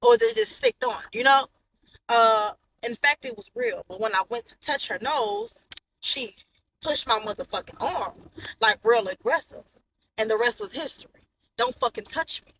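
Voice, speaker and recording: A woman's voice: a little high, very animated, moderate pace, a bit bright. A woman in her thirties, a mother, telling a personal story straight to camera in a blunt, profane way, repeating herself for emphasis. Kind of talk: casual storytime monologue to camera. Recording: noisy, with car sounds behind.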